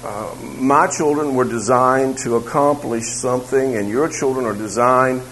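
A man of ordinary pitch teaches a church Bible class, talking casually and circling back over his phrases. He makes asides to the people in the room as he goes. A faint hum sits under his voice. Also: moderate pace, a bit bright, poor audio.

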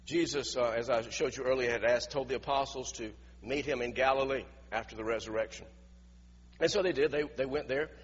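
A man's voice: medium pitch, fairly quick, slightly rough, long reverb tail, lo-fi sound. A male preacher giving a conversational sermon, asking his listeners questions as he retells a scripture passage. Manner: conversational, asks the audience questions.

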